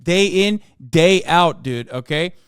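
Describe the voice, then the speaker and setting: Loud, animated man ranting on stream. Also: a little high, slow, clean tone, no room sound, studio quality. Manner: animated, swearing, rising to loud excited rants. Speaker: streamer reacting to a video. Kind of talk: casual profane reaction commentary.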